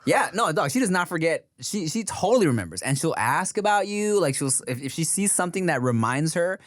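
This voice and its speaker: A man's voice: fairly high pitch, big pitch swings, fairly quick, no echo, studio quality. Slangy man rambling on a podcast. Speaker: podcast host. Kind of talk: casual chat.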